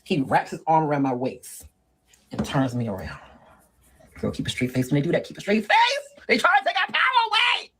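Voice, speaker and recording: With wildly swooping pitch and a breathy edge, this mid-range voice goes fully into character at a normal pace. It belongs to a performer acting as a sassy middle-aged woman whose comedic relationship monologue keeps addressing the listener as "girl" and "honey," all on a low-quality recording.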